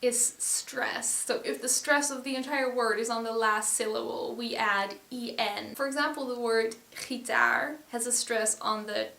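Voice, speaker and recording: A woman's voice: a little high, steady tone, normal speed, hardly any pauses, fairly bright tone. A woman whose first language is Dutch, giving a casual video lesson and explaining rules step by step. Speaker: language teacher. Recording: echoey room.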